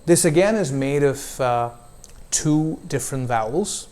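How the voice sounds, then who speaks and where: A male pronunciation coach speaks at a slow, unhurried pace. He draws out each vowel sound as he models words for a student. His pitch sits in a plain middle range. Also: expressive, darkish tone. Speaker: accent coach. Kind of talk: one-on-one pronunciation lesson.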